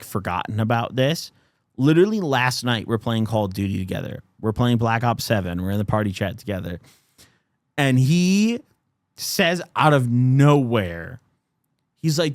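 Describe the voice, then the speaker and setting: A man's voice: mid-range voice, a little slow, no echo, studio quality. A young man in his twenties, a podcast host telling a story in a casual, profane way. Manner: animated, profane, heavy use of "like".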